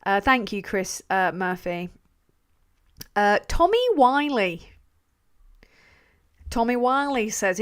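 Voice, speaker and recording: A woman's voice: mid-range voice, lively intonation, slow, pauses often, smooth. A woman hosting a livestream. She chats casually, swears and jokes at her own expense while reading donations. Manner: chatty, sweary, self-deprecating. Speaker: livestream host.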